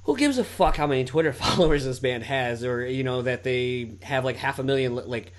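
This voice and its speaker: A man in his early thirties talks loosely on his own podcast, medium-pitched and relaxed. He curses freely and keeps stringing thoughts together with "like" and "you know.". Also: a little fast. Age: 30s. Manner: swears freely, many "like" and "you know" fillers. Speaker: podcast host. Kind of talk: casual podcast chat.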